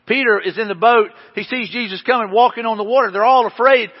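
A man's voice: extremely high pitch, fast talker, breathy edge. A man preaching to a congregation in a church hall, telling stories in a conversational way with folksy asides. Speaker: pastor. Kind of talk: sermon. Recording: long hall reverb, dull lo-fi sound.

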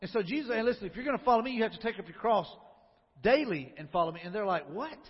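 Pastor, man, high husky voice, chatty sermon full of questions to the room, lo-fi recording with long hall reverb. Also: lively intonation, very fast. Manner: conversational preaching with rhetorical questions.

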